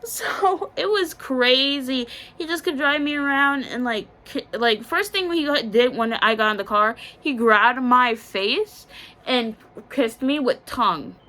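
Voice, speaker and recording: A young woman speaking with a fairly high voice. She tells a storytime vlog in a candid, blunt, slangy way, often laughing between lines. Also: animated, measured pace, sharp tone. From Bahamas. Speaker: vlogger.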